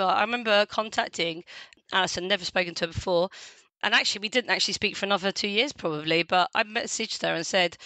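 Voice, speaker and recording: Bright-voiced chatty woman in her forties. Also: mid-range voice, no room sound. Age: 40s. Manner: chatty and animated, laughs often. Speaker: guest, community radio host. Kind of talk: casual podcast conversation.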